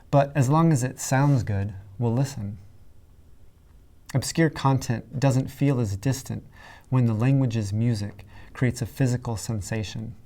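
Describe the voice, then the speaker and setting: A man who teaches writing, giving a scripted lesson in a clear, deliberate way and stressing his example words heavily. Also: medium pitch, warm tone. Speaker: writing instructor. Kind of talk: scripted educational narration.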